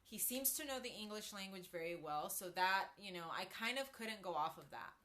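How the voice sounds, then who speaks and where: Chatty bright-voiced woman live-streaming. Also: mid-range voice, animated, moderate pace. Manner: chatty, greets viewers mid-story, frequent ums and asides. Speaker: livestreamer. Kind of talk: casual live-stream talk to viewers.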